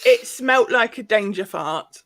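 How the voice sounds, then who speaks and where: A woman's voice: mid-range voice, expressive, measured pace, a loud crowd. A woman performing a self-deprecating stand-up comedy set on a stage microphone, landing punchlines. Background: audience laughter.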